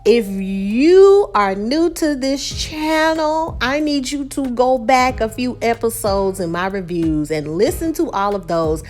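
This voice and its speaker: Animated woman recapping reality TV. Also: a little high, slow, few pauses, soft background music. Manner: animated, dramatic, acts out quotes. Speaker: recap and review vlogger.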